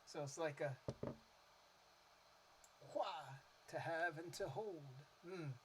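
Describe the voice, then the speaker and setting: A man with a somewhat high voice rambles casually into a desktop microphone about cover songs he likes. He drifts between thoughts, leaning on fillers and restarts. A faint hum of room noise sits behind him. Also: slow. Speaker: music vlogger.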